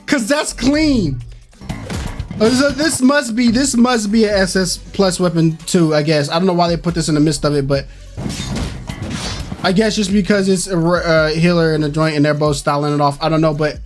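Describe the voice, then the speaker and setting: A man's voice: high voice, normal speed, soft background music. Hyped man ranting about game news. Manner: hyped, animated, swings between mock anger and delight. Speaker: gaming channel host. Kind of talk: excited game news commentary.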